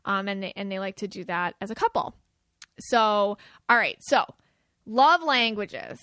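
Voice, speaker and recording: A woman's voice: medium pitch, animated, a little slow, bright, forceful tone, clean tone, dry recording, clean studio sound. A woman hosting a podcast, talking casually and chattily, acting out the quoted lines of the people she describes. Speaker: podcast host.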